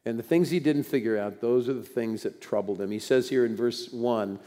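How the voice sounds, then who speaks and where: A man's voice: medium pitch, normal speed, mellow. An older man preaching a sermon in a conversational, folksy way with bursts of emphasis. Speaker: pastor. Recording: long hall reverb.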